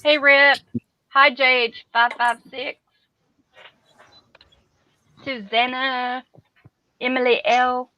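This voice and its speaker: A woman's voice: sits high, flat delivery, takes it slowly, long pauses, pushed and bright, muffled recording. A woman joining a casual livestream as a panelist, playful and teasing as she greets viewers.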